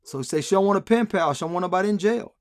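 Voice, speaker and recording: Give me a male live-stream host with a fairly high voice who rambles sarcastically while reading out comments. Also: animated, very fast. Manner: sarcastic, rambling, talks back to chat. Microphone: streaming mic.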